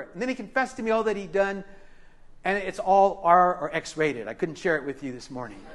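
Middle-aged male pastor, high-ish voice, dramatic sermon delivery with hushed asides. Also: expressive, measured pace. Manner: impassioned, swings from loud to hushed; acts out quoted voices. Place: church service.

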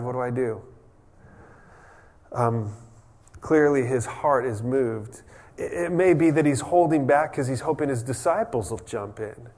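A pastor with a mid-range voice preaches a conversational sermon, relaxed and chatty, restarting sentences and tossing in humorous asides.

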